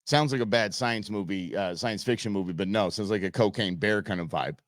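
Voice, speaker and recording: A man's voice: lowish voice, brisk, no echo, clean studio sound. A man hosting an outdoors talk show, chatting casually and rambling with fillers and restarts. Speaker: radio show host.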